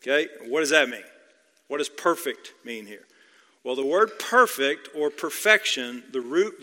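A man preaching a verse-by-verse sermon, his voice bright and forceful as it rings through a large church hall. He drives his points home by repeating phrases and asking the congregation questions. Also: a little high. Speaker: pastor. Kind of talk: expository sermon. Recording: long hall reverb.

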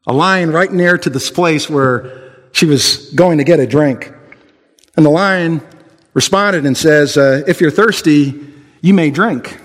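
A man's voice: a little high, slow pace. Pastor guy preaching, earnest, lots of uh's and restarts, reverb-y hall sound. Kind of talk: sermon.

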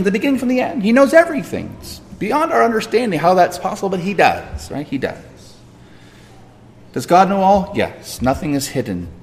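A male pastor preaches with a high voice that leaps across a wide range. He hammers points home by repeating phrases and quizzing the congregation. His voice rings out in a church with a long reverb. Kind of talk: sermon.

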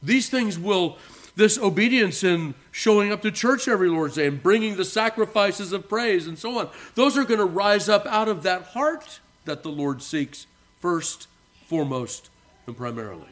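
A male pastor preaching a sermon to his congregation, earnest and emphatic, slowing down on key words and swinging between soft low asides and raised phrases. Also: animated. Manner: addresses the congregation as beloved. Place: church.

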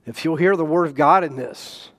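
Guest preacher, male, slightly high-pitched, animated delivery with self-mocking humor, church hall reverb. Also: moderate pace. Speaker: guest pastor. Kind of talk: sermon. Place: church sanctuary.

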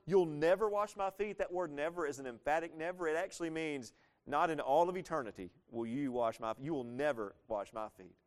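Male pastor, mid-pitched voice, animated conversational sermon delivery. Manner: animated, asks the congregation questions, acts out quoted lines.

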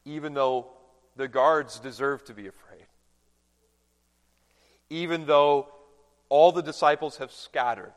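A male pastor preaches a sermon in a slow, deliberate way, his fairly high voice dropping to a hush and then rising to loud proclamation. The sound carries a long reverb from a large church hall. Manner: dramatic, swinging from hushed to loud proclamation.

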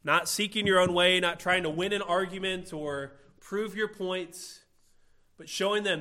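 Male preacher, sermon delivery, earnest and emphatic, bright voice, slightly high pitch. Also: steady tone. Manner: earnest, rhetorical questions, slow emphatic phrasing.

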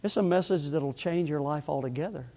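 A middle-aged man preaches from the pulpit with fervor, his voice pitched high and swinging from loud to hushed. The church has a long, ringing reverb. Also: brisk. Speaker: pastor. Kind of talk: sermon. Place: church sanctuary.

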